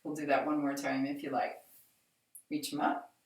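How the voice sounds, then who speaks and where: A woman with a deep, low voice leads a seated exercise class, giving slow, gentle, reassuring cues. She sounds set back from the microphone, and the room adds a clear echo around her words. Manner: calm, reassuring, slow cueing. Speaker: fitness instructor. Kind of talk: guided chair exercise instruction. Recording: echoey room, mic at a distance.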